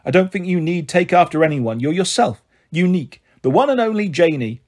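A bustling, big-hearted auntie who runs a pub, as a man reading aloud puts her on. She talks frankly and jollily in a lifted, slightly husky voice. A storybook reading. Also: fairly high pitch, lively intonation, brisk. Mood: hearty. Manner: warm, jolly, frank.

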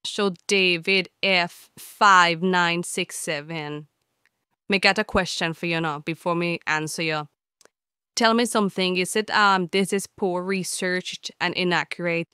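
A woman takes viewers to task one comment at a time, blunt and scolding. Her voice is smooth and clear. It sits close and dry in the recording. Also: on the low side, steady tone, a little slow, bright, forceful tone, no echo. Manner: blunt, scolding, talks straight to the listener. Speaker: channel host answering viewer comments.

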